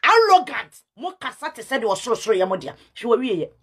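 A self-styled Ghanaian prophetess delivers a heated rant to camera, scolding and repeating herself while switching between her language and English. Her voice is a little high and husky, very fast, with lively intonation.

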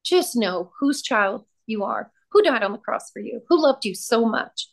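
A woman's voice: a little high, expressive, a little slow, vocal fry. A woman sharing her testimony as a podcast guest, fervent and emphatic, repeating key phrases for weight. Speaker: podcast guest, prayer ministry founder.

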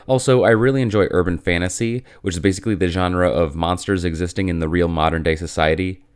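A man in his thirties hosting his own channel in a chatty, self-deprecating way, his voice roughened by illness. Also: sits low, fairly even intonation, quick pace. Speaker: YouTube channel host. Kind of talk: casual talking-head vlog.

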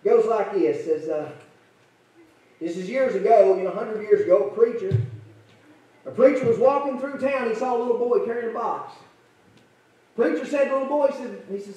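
A man's voice: high voice, expressive, normal speed, pauses often, dark tone. A male preacher telling a folksy story in a sermon, repeating himself with fillers. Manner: folksy, repetitive, filler-laden. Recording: echoey church from far off.

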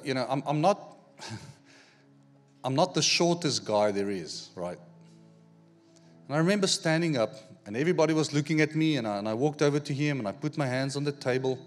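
A man preaching a sermon, telling a personal story in an animated way, acting out the dialogue and repeating words as he goes. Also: medium pitch, brisk, long pauses, soft background music. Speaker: pastor.

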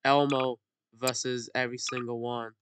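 A woman with an unusually low voice talks through a video game, excitable and swearing as she yells at the action on screen. Loud noise sits under the whole recording. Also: moderate pace. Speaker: gamer. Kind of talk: gameplay commentary.

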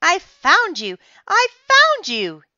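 A woman voicing an excited young boy in a children's storybook, speaking loudly and eagerly. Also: fairly high pitch, takes it slowly, no echo, pitched above the performer's own voice, exaggerated voice. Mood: triumphant. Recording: slightly dull, muffled recording.

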